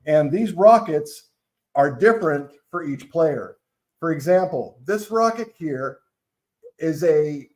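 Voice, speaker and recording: A man walks through board game rules in a casual, unscripted way, pausing often and correcting himself mid-sentence. His voice sits fairly high for a man. The room around him adds a noticeable echo. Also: darkish tone. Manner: halting, many fillers and self-corrections. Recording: echoey room.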